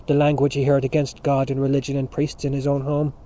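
A man's voice: mid-range voice, little pitch movement, fairly quick, warm tone, natural voice. Male reader doing a fierce pious older lady, insistent, muffled lo-fi sound. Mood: indignant. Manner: hot and insistent. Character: fierce devout older woman, easily angered.

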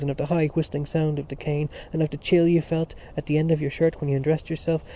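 A man's voice: on the high side, dark tone, dull audio. A man reading a novel aloud as scripted narration, with a few slips and restarts. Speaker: audiobook reader.

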